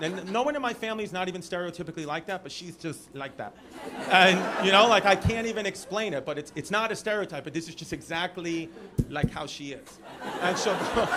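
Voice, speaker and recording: A man's voice: on the high side, animated, brisk, noisy background. A man in his thirties with a New York accent doing rambling, brash stand-up crowd work on a theater stage, swearing and riffing with the audience. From Brooklyn. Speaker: stand-up comedian. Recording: live theater with loud crowd laughter.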